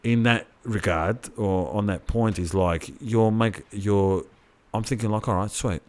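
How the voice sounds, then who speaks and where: A man's voice: on the low side, a little slow. A man co-hosting a podcast, rambling in casual chat with plenty of swearing and restarts. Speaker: podcast co-host.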